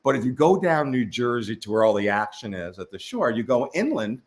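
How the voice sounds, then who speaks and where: A man's voice: medium pitch, very animated, brisk. Wry, rambling male co-host. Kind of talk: casual live-stream chat. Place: his father's home in a retirement community.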